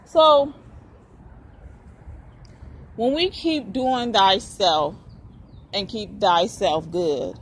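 A woman's voice: mid-range voice, drawn-out words, long pauses, a little hiss or hum. A woman rambling through a spiritual monologue to camera, wandering and repeating herself, swearing freely along the way. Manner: meandering, repetitive, swears freely. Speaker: vlogger.

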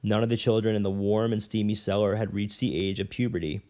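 Man reading a novel aloud, unhurried. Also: on the low side, fairly even intonation, mellow. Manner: unhurried reading with occasional stumbles and self-corrections. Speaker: reader.

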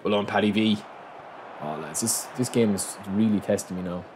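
A man giving excitable live commentary on his own football video game, reacting aloud and calling his viewers lads. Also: fairly low pitch, moderate pace. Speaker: gaming channel host. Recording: noisy game sound mix.

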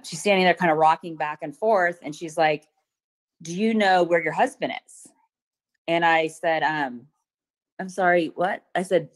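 Low-voiced middle-aged woman testifying hesitantly. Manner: hesitant, many pauses and ums. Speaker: witness testifying at a protective order hearing. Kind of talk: courtroom testimony, retelling events.

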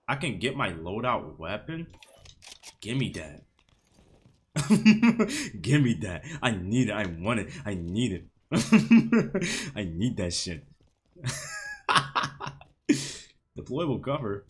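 A man's voice: on the low side, sing-song, slow pace, pauses often, a little hiss or hum. Guy streaming a shooter game, cussing and laughing, voice jumps up and down a lot. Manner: profane, laughing often. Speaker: gaming streamer. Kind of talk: casual gameplay commentary.

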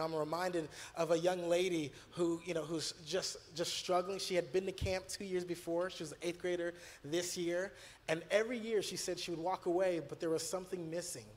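Guy youth pastor telling camp stories, earnest, kinda high voice, echoey room w long reverb. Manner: earnest, storytelling, many fillers and restarts. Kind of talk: church video conversation.

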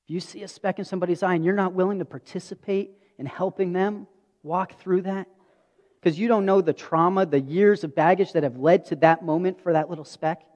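A pastor in his thirties preaches a sermon in a church sanctuary, earnestly telling stories and acting out dialogue. His voice is high, steady and darkish, and he speaks briskly. The audio sounds dull, with long hall reverb.

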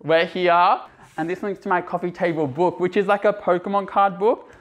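Young male vlogger, slightly high voice, upbeat and gushing, casual tour of his own small flat, handheld camera. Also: normal speed. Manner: bubbly and gushing, full of "like" fillers. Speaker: YouTuber giving an apartment tour. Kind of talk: casual vlog chat. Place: small apartment indoors.

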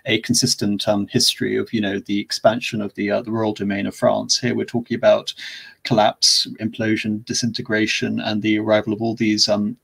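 Husky gravelly Englishman hosting a stream. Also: lowish voice, monotone, a bit bright. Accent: standard English, not West Country. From West Country of England. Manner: measured, formal, many ums. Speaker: host. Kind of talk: livestream chat and sign-off.

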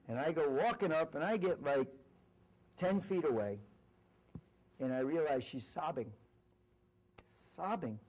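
A man's voice: fairly high pitch, a little slow, long pauses. A middle-aged man, a company executive, giving an earnest motivational speech full of stories at a university event. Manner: storytelling, animated and earnest. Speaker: corporate executive speaker.

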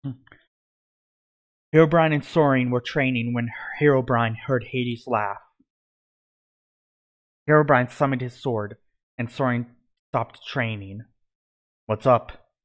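A man reading his own fan fiction story aloud in a plain, steady storytelling manner. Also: medium pitch, slow pace, long pauses.

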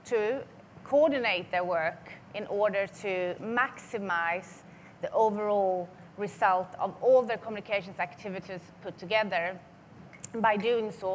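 A woman's voice: medium pitch, a little hiss or hum. Brief: woman, conference speaker, methodical delivery, mid-range voice. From Sweden. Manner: measured, enumerating points from a script. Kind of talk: conference presentation. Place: conference hall.

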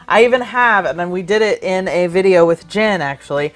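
A woman in her thirties co-hosting a casual chat about thrift and flea market finds, excitable and jokey. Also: fairly low pitch, brisk, soft background music. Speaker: co-host.

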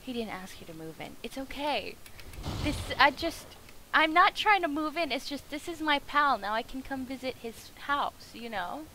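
Bright-voiced excitable woman streamer. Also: high-pitched, moderate pace, slight background noise, poor audio. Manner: excitable, jokey, chatty with chat. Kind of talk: casual gameplay commentary.

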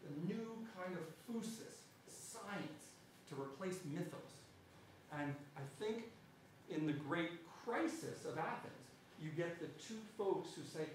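A man with a New Zealand accent gives an animated public history lecture in a fairly high, unhurried voice, repeatedly tagging on "right?" He's recorded from far across a lecture hall, with heavy echo and a faint hiss underneath.

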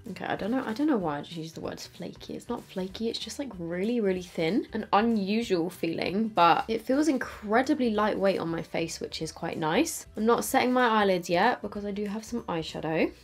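A woman's voice: medium pitch, animated, a little fast, few pauses, husky, faint music behind. A young woman, chatting casually through a makeup tutorial, self-mocking and trailing off as she works. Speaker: beauty vlogger.

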